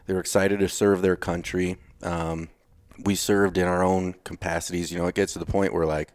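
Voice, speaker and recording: Low and flat in delivery, this man speaks at a moderate pace, with no room sound on the recording. He's a retired Navy SEAL from Texas appearing on a podcast, telling blunt, casual stories in an interview. Blunt by nature, he swears casually and acts out things he once said.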